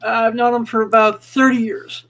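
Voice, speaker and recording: High-voiced friendly middle-aged man. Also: flat delivery, moderate pace, a bit bright, low-quality recording. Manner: friendly, stammers when starting a thought. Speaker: podcast co-host. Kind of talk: casual podcast chat.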